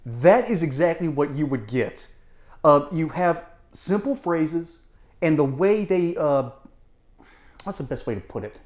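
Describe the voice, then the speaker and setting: A man talking politics with a sarcastic edge, chuckling through his points. His voice sits a bit high for a man. The room adds a clear echo around him. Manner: animated, sarcastic, laughs often. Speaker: political commentator. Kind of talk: online political commentary. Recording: roomy echo.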